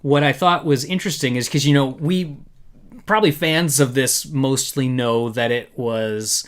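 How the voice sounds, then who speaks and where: A man hosts a casual live discussion at a middle pitch. He talks in a loose, chatty way, stopping and restarting often. He reads quotes aloud between his own comments. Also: normal speed. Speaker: podcast host.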